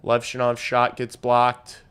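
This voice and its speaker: On his hockey watch-along stream, a young man gives relaxed live commentary, swearing liberally and addressing his chat. He talks slowly in a monotone, his mid-range voice smooth and slightly bright.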